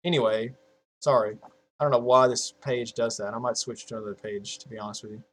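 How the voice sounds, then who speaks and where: A young man in his early twenties talks to his viewers at a home desk mic in a loose, rambling way. He swears constantly, trails off into restarts and breaks into laughs at his own jokes, all in a mid-pitched voice. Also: expressive, fairly quick, a little mellow. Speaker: YouTuber. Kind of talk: casual chat to viewers.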